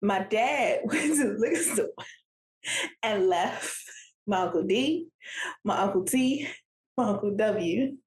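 A woman co-hosting a casual chat who laughs often. Her pitch swings widely and her talk is slow. The recording has a roomy echo. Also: animated. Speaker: podcast co-host.

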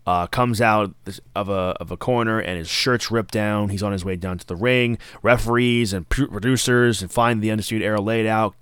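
A podcast host reviews wrestling events in a casual, enthusiastic monologue and sometimes acts out quoted lines. His voice is on the low side, steady and a bit bright, at a moderate pace. The recording is clean and dry.

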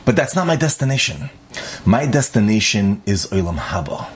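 A young man casually telling a personal story, animated, acting out the dialogue and laughing often. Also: lowish voice, moderate pace, a little hiss or hum.

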